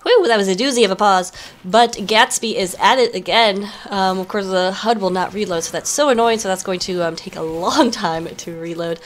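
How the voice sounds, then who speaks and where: A young woman giving live play-by-play commentary on a team video game, chatty and excitable, with joking asides. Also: mid-range voice, normal speed. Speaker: esports caster.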